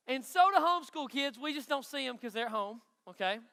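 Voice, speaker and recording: A man's voice: very high voice, animated, fairly quick, gravelly, few pauses, pushed and bright, clean tone. A man from Knoxville, Tennessee, with an East Tennessee country accent, giving a chatty, folksy youth sermon and asking the crowd questions. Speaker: youth pastor. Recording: long hall reverb.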